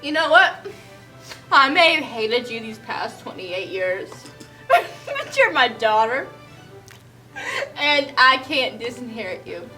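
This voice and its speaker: A woman voicing a stern, dying older doctor, the heiress's father, in a lowered grave tone. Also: sing-song, takes it slowly, pauses often, sharp tone, far from the mic, faint music behind, full character voice, poor audio.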